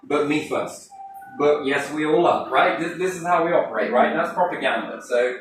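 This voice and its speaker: A man's voice: fairly high pitch, normal speed, faint music behind. A man speaking to a group in a playful, rambling way, swearing freely and acting out quotes. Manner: animated, cheeky, swears freely, acts out quotes. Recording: echoey room, distant mic, faint noise.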